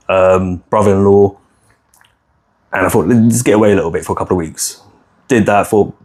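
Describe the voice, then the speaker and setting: Frank, low-voiced man telling his story. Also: a little mellow. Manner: frank, rambling, swears freely, many restarts. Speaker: podcast co-host. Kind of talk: candid personal storytelling.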